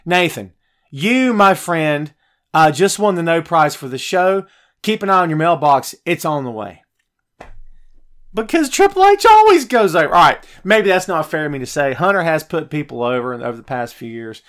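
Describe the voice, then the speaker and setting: A man's voice: a little high, moderate pace. Fired-up man ranting about wrestling. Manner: animated, fired-up ranting, swings loud and soft. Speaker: podcast host reading live chat. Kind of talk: heated wrestling rant.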